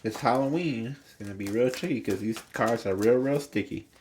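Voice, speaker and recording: A man's voice: medium pitch, brisk, a little mellow, a little hiss or hum. A man reading tarot cards on a livestream in a casual, rambling way, repeating himself and stumbling a little, his throat catching. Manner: rambling, repetitive, chatty with small stumbles. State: throat catching, slightly choked. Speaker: tarot reader.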